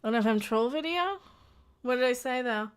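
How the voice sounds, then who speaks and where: A woman's voice: fairly high pitch, lively intonation, brisk, clear, resonant tone. A woman hosting her own late-night internet show, rambling in a playful, cheeky way and often breaking off mid-sentence to restart. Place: home in Las Vegas.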